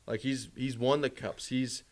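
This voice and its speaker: A man co-hosting a casual sports podcast, talking fast, repeating himself and jumping up in pitch when he gets worked up. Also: fairly even intonation. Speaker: podcast co-host.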